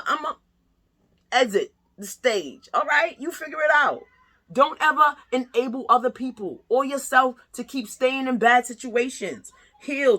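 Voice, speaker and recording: Her voice is fairly high with a sharp edge. A middle-aged tarot reader, she chats to her viewers in a sassy, no-nonsense style during a casual reading.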